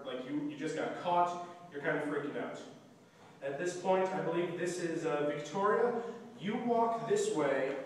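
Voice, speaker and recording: A young man explains stage blocking in a casual way, singing the music cues and acting out the lines. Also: a little high. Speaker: student play director. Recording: echoey hall, distant mic, faint noise.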